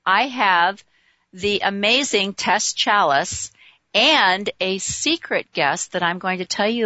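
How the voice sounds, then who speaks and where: Woman host, 50s, bright and gushing, dry slightly muffled talk-radio sound. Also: mid-range voice, dry recording. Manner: effusive, rambling. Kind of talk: internet radio talk show.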